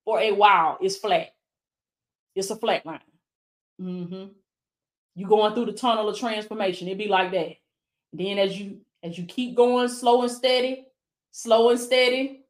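Here the same life coach speaks in a mid-range voice with fairly even intonation, a little slowly, leaving long pauses. Hosting a live stream, she fervently repeats affirmations and calls viewers "baby," answering each by name as a preacher would with a congregation.

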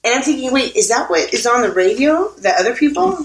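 A woman's voice: on the high side, sing-song, quick pace. A woman with a Southern US accent co-hosting a podcast, rambling and giggling through casual chat. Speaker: podcast co-host. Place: hotel suite. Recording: echoey room.

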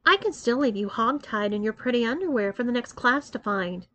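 A bossy, mocking young college woman snaps out orders and teasing threats, put on by a woman reading a story. The voice sits a little high for a woman, and the delivery is clipped and commanding. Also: animated, brisk, sharp tone. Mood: threatening.

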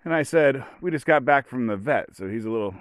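A man's voice: mid-range voice, lively intonation, fairly quick, no room sound. A man in his late forties, a podcast host telling a long, meandering story in casual, profane chat, full of fillers and restarts. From Oregon, USA. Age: 40s. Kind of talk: rambling casual monologue.

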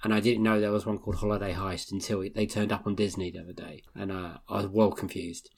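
A man's voice: low-pitched, level tone, fast talker, a little mellow, husky. A man co-hosting a casual film review podcast, talking bluntly and grumbling about what he dislikes. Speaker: podcast co-host.

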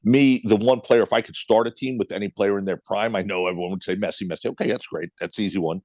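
Middle-aged man, Brooklyn accent, low voice, blunt storyteller, dry close sound. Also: fast, dry recording. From United States. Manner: blunt, animated storyteller who swears. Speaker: guest, club owner. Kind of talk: casual interview storytelling.

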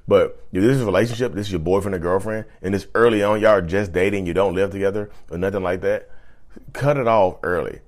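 A man's voice: low-pitched, fast. A man vlogger giving blunt relationship advice straight to camera, emphatic and repeating his points. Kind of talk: casual advice talk to camera.

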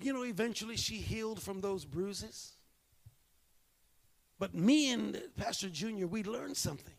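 A male pastor preaching a sermon, telling a story and moving between hushed, slow moments and emphatic bursts. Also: high-pitched, gravelly.

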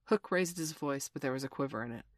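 Low-voiced woman reading a storybook. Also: quick pace, dry recording, clean studio sound. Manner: expressive, animated reading. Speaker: narrator.

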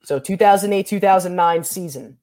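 A man runs a relaxed trivia game with a friend, ribbing him with mock apologies. His talk is loose and casual, full of false starts and quick corrections. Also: high voice. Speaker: podcast co-host running a sports trivia quiz. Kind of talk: casual chat.

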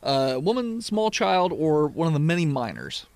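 A man acting as game master in a tabletop game, describing scenes playfully with pauses and fillers. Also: a little high, sing-song, a little mellow.

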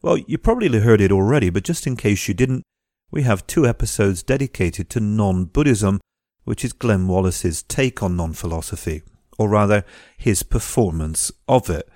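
A man with a fairly low voice hosts his podcast and introduces the episode, dropping wry jokes along the way. The sound is dry and close, with no room echo. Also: expressive, normal speed, dark tone. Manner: wry, jokey asides. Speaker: podcast host.

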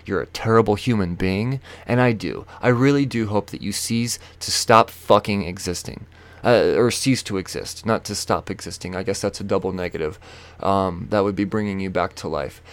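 A young man hosting a podcast, telling a story as a profane comedic rant, full of swearing and shouted quotes. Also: on the low side. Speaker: podcast host.

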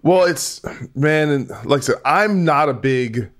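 A man hosting a podcast interview, talking in a halting, reflective way. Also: a little high, expressive. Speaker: podcast host. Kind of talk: casual interview.

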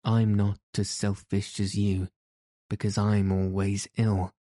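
A man's voice: fairly low pitch, level tone, takes it slowly, mellow, no echo, studio quality. A man voicing a sickly, spoiled, petulant young boy who whines and sulks. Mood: sulky.

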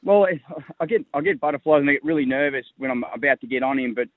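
A man's voice: mid-range voice, quick pace, no echo. A man with an Australian accent, a jockey from Tasmania, answering interview questions hesitantly and often repeating words. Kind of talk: phone interview. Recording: tinny dry phone line.

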